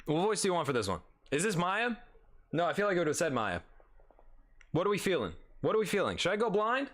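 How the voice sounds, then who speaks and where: A gaming video host plays a game for the first time, commenting casually in a goofy, restless way, laughing and swearing freely. His high-pitched voice is fast and a bit bright, with big pitch swings.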